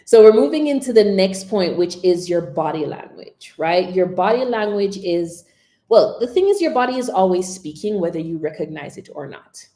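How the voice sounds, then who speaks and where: A woman coaching public speaking on a live stream, expressive, modelling whispers and dramatic pauses. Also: fairly low pitch, echoey room.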